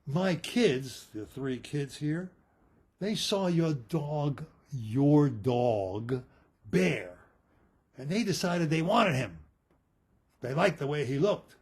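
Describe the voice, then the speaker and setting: Man voicing a husky, pompous god-king, low and menacing, storybook telling. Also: expressive, slow pace, full character voice. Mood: haughty. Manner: pompous, threatening. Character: boastful male king of the gods.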